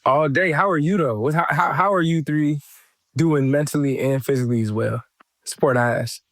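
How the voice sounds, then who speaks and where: A man from New Jersey with a local accent talks in a loose, slangy way, joking easily as a guest on a podcast. His voice sits a little high for a man, and he is getting over a cold. The sound is dry and close, with no room echo. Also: normal speed. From East Orange, New Jersey. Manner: laid-back, slangy, joking. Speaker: guest rapper. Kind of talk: casual chat. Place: small room.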